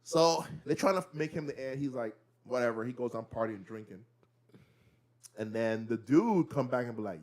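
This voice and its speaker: A man co-hosting a casual pop-culture chat, retelling TV scenes with animated, acted-out quotes. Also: medium pitch, moderate pace. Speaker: podcast co-host.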